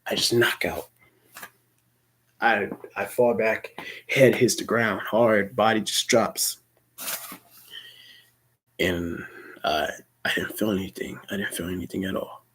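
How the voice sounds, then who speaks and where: A man's voice: fairly low pitch, fairly even intonation, slow, pauses often, a bit bright, slight background noise. A young man rambling through a personal story, swearing often and stumbling over repeated words. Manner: rambling, profane, stammering restarts.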